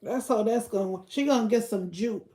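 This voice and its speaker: A woman's voice: fairly high pitch, normal speed, dark tone, reverberant. A woman hosting a casual livestream rant in a blunt, profane way, talking straight to her chat viewers. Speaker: livestream host.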